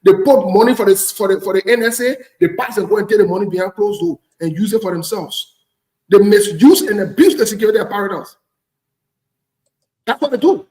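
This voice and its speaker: Blunt Liberian man, high voice, roomy sound. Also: quick pace, darkish tone. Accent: Liberian English. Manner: blunt, preachy, repeats phrases for emphasis. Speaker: host. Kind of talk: casual talk show commentary.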